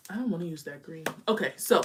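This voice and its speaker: A young woman with a slightly low voice chats her way through a live makeup session from home. She is candid and easygoing, talking while she blends eyeshadow. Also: expressive, fast talker, noisy background. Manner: chatty, candid, talks while applying makeup. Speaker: beauty vlogger. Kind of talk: casual live makeup chat.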